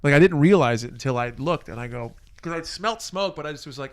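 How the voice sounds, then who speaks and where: A man co-hosting a casual podcast, telling a neighbor story with lively play-acting of each person. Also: a little high, fast. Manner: animated storyteller, acts out neighbors with a put-on accent. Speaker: podcast co-host. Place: city apartment.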